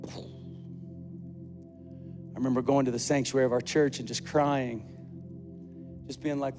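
A man's voice: mid-range voice, steady tone, takes it slowly, pauses often. A male pastor preaching a sermon in a chatty storytelling way, acting out the dialogue he quotes. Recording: long hall reverb with faint music.

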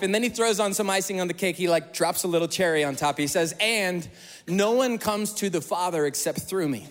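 High-voiced animated preacher in a reverberant hall. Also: male voice, a little fast. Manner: animated, acts out quoted voices with sudden loud bursts and hushed drops. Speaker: pastor. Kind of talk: sermon.

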